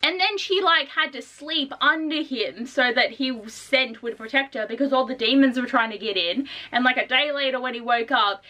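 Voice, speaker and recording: A young woman reviewing a book in a casual vlog, gushing, swearing freely and acting out characters in squeaky voices. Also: bright, forceful tone, distant mic.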